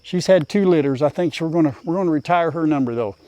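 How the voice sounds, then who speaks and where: A man's voice: fairly high pitch, quick pace, mellow, no echo. An older man, chatting casually to viewers and his animals while doing farm chores outdoors. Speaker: farm vlogger.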